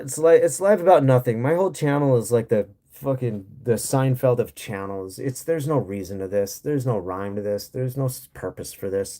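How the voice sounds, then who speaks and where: A man's voice: mid-range voice, darkish tone. An American man hosting a livestream, ranting bluntly with plenty of profanity and sarcasm while reading and answering chat. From United States. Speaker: livestream host. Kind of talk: casual livestream rant.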